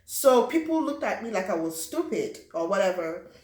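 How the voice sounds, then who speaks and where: A young woman from Africa recounts her own story, animated and vivid. She acts out the voices of others and adds sound effects as she goes. Her voice sits at a middle pitch, and the recording carries a roomy echo. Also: moderate pace. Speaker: vlogger. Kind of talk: personal storytelling.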